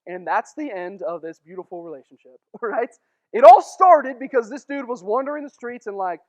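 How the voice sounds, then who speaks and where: A young man giving a casual sermon to a youth group, telling the story with jokes and quick acted asides. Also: very high voice, expressive. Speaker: youth pastor.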